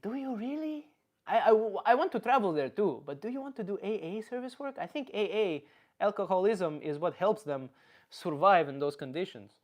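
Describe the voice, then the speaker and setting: A blunt, crude older Slavic uncle, as a comedian puts him on with a thick Russian accent and a flat deadpan delivery. His voice sits fairly high for a man, and he reads viewer names aloud in a live comedy stream. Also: normal speed. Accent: put-on Russian accent.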